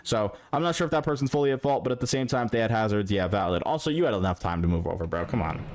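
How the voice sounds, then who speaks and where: A man's voice: fairly low pitch, animated, very fast, slight background noise. A man reacting to dashcam clips for his stream, casual and profane, scolding the drivers on screen. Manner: profane, exasperated, talks straight to the drivers.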